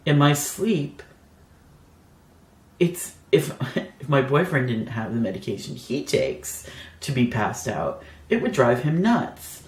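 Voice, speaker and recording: A woman's voice: very deep voice, big pitch swings, slow, a little mellow, reverberant. A woman telling a personal story in a chatty, rambling vlog style, full of "like" fillers. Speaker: beauty vlogger. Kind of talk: casual storytime.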